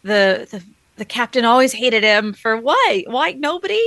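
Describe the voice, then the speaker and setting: A woman's voice: a little high, sing-song, normal speed, a bit bright, no echo. A woman co-hosting a podcast, chatting casually, laughing a lot and trailing off into restarts. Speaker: podcast co-host. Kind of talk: casual chat.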